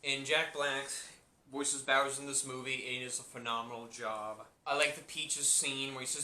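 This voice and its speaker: A man's voice: mid-range voice, fairly even intonation, a little fast, pushed and bright, roomy sound, slight background noise. A man giving a casual spoken movie review, rambling and repeating himself with many restarts.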